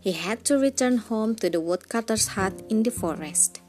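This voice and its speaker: A woman, the show's storyteller, reading a fairy tale aloud in a gentle, even way. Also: fairly high pitch, normal speed, soft background music.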